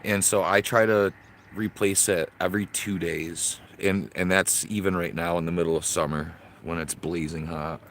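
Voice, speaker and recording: A man hosting a casual livestream outdoors, chatting with viewers in a relaxed, talkative way. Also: sits low, normal speed, a little hiss or hum. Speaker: livestream host. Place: outdoors in a yard.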